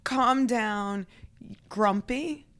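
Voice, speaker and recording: A woman co-hosts a relaxed podcast conversation, her voice sitting a touch high for a woman. She is animated and laughs a lot. She slips into playful voices to act out what others said. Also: drawn-out words. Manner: animated, laughs often, acts out quotes. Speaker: podcast co-host. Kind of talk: casual chat.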